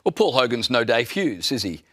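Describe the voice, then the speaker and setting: A man's voice: mid-range voice, very animated, moderate pace, a bit bright, no echo. A man speaking as a panelist in a political discussion, with a dry, sardonic manner.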